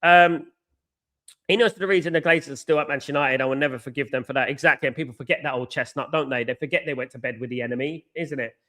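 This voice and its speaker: A man's voice: mid-range voice, fast talker, pushed and bright. A man hosting a live football watchalong, ranting in a frustrated way, repeating himself often and filling gaps with ums. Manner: frustrated, repetitive ranting with many fillers. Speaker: host of a football fan channel. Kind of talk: live watchalong rant to viewers.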